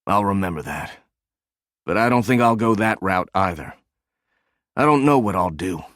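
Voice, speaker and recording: A man's voice: deep voice, lively intonation, normal speed, a bit bright, dry recording, clean studio sound. A man voicing a stubborn, brooding grown man in an audiobook.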